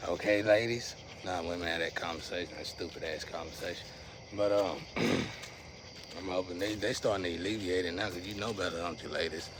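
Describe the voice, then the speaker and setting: A man's voice: low-pitched, moderate pace, noisy background. A man giving a casual, rambling monologue to his viewers in loose slang. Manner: rambling, slangy, restless swings in loudness. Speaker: vlogger.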